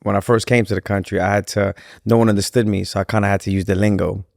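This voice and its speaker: A man in his thirties with a New York accent, a fighter turned boxing coach, telling stories as a podcast guest, animated and laughing often. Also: lowish voice, fast talker, gravelly, no echo, studio quality. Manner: animated storyteller, laughs often, acts out voices. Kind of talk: casual podcast interview.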